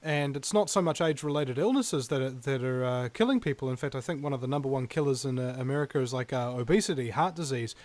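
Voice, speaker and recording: A man hosting a radio talk show, talking in a rambling, animated way with many fillers. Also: medium pitch, fast talker, few pauses. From New Zealand. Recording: radio broadcast.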